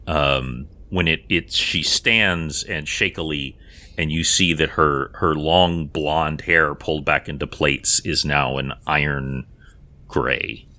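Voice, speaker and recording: Man game master, very deep voice, slow, bright tone, measured narration. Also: steady tone. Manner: measured, with fillers and asides.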